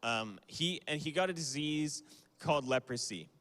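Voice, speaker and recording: Young guy preaching to a youth group, kinda high voice, lots of hall echo, chatty with ums. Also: animated, normal speed, fairly bright tone. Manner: casual, conversational, with fillers and small apologies. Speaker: youth speaker. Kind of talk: youth sermon on a livestream. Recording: long hall reverb.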